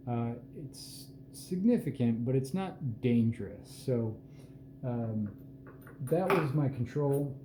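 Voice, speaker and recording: A man giving an unhurried, plain-spoken walkthrough at an indoor reloading bench, with self-deprecating asides. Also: mid-range voice, warm tone, a little hiss or hum. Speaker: host showing his hand loads. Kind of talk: casual hands-on explanation. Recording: roomy echo with faint ambience.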